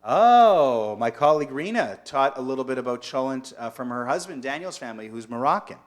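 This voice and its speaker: A man's voice: mid-range voice, animated, brisk. A man teaching as a rabbi in a casual online lunch-and-learn, chatty and digressive, often asking his listeners questions.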